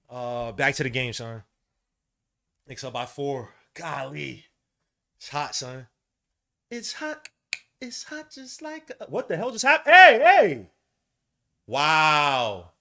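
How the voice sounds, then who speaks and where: A male podcast host with a medium-pitched voice gives live, slangy commentary while watching a basketball game, getting loud during big plays.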